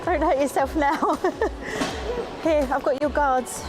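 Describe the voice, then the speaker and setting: A woman coach at an indoor ice rink, speaking in a high, light voice. She encourages her skater gently and takes her time with every word. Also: lively intonation, slow. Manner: encouraging, reassuring. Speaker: skating coach. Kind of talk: rinkside coaching. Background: loud arena music.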